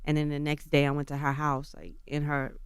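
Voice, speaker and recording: A woman's voice: low voice, monotone, brisk, clear, resonant tone, no room sound, studio quality. A woman rapper as a guest on a radio morning show, chatting casually and telling stories in laid-back slang. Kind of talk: casual interview chat. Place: radio studio.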